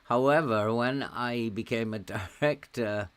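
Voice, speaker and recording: Slow-talking man with a soft Welsh accent. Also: medium pitch, smooth. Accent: softened Welsh, with some American words. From Wales. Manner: slow, chatty, laughs often while talking. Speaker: game streamer. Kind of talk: casual live-stream commentary.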